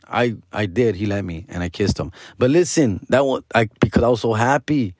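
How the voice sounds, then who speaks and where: A man's voice: medium pitch, fairly quick, dry recording, clean studio sound. A man, hosting and telling a rambling, profane story full of slang, slipping into Spanish. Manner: rambling, excited retelling. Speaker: podcast host. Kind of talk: casual storytelling.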